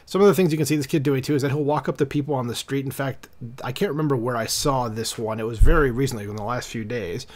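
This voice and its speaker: A man's voice: mid-range voice, fast talker. A man hosting a commentary channel, reading an article aloud and breaking in with casual, irritated asides full of fillers. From United States.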